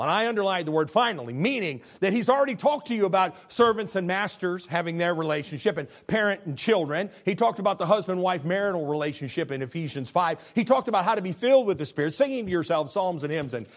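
An older man preaching a sermon, rising to loud high peaks and dropping low and quiet, often restarting phrases and asking his listeners questions. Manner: stumbling restarts, asks the congregation questions. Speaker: pastor.

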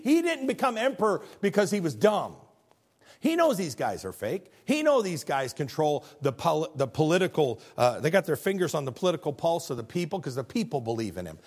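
A man preaching a sermon as pastor, in a lively, conversational way, acting out the people he quotes. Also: high-pitched. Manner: animated, conversational preaching that acts out quoted figures.

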